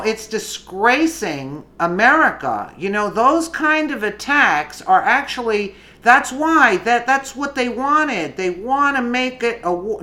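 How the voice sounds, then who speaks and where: A woman's voice: mid-range voice, bright, forceful tone. A woman giving opinionated political commentary, indignant and emphatic, often restarting her sentences.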